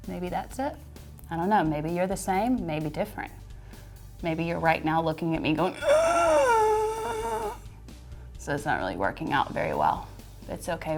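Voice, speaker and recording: A woman leading a yoga class, chatting and joking playfully as she guides the poses. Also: fairly low pitch. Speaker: yoga instructor.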